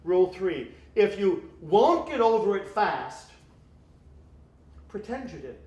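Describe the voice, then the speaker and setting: A priest gives an evening talk to a live audience in an echoey room, his high-sitting voice very animated yet slow and mellow, on dull audio. He's wry and joking, acting out mock dialogue.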